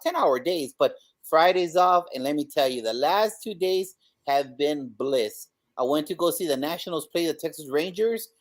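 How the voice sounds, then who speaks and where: A man co-hosting a live leadership podcast, energetic and exclaiming, swinging between loud bursts and quiet asides. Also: on the high side. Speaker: podcast co-host. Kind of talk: upbeat live-stream opening. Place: home in Texas.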